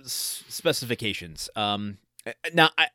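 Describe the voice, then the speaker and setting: A man's voice: fairly low pitch, animated, unhurried, sharp tone, dry recording. Hesitant man chatting, dry close sound. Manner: hesitant, repeats words, dry humor. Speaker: podcast co-host. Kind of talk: casual chat reviewing a sitcom episode.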